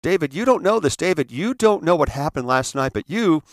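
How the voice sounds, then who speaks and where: A melodramatic mother wails and gushes in a raised, loud voice, as a man puts her on. Every phrase is an overdone exclamation, theatrical and pleading. The sound is close and dry. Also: a little high, lively intonation, brisk, no echo, pitched above the performer's own voice. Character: overly dramatic mother, wailing and theatrical.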